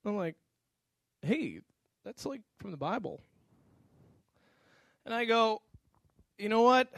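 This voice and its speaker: A man with a notably high voice preaches, spinning a personal story with animated acted-out lines. The sound is dry and close, with no room echo. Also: slow, long pauses. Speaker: pastor.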